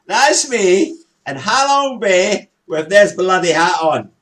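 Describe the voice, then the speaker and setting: Jokey loud man co-hosting. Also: sits high, takes it slowly. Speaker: co-host. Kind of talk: casual chat show banter.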